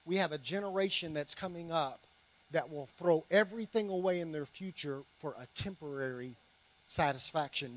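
A man's voice: on the high side, fairly bright tone, dry recording, poor audio. A man preaching a sermon to his congregation, emphatic, with playful joking asides. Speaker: pastor.

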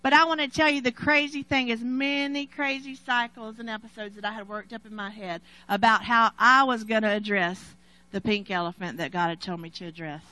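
A middle-aged woman preaching a sermon, telling a personal story dramatically, swinging from loud to hushed and laughing between lines. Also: medium pitch, low-quality recording.

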